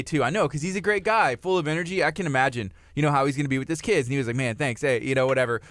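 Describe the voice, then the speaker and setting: This is a man in his thirties co-hosting a morning radio show in a studio. His voice is high, dry and close to the mic. He talks casually and playfully, teasing and sometimes rising to loud emphasis. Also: rapid-fire, few pauses, dry recording. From Texas. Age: 30s. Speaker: radio co-host.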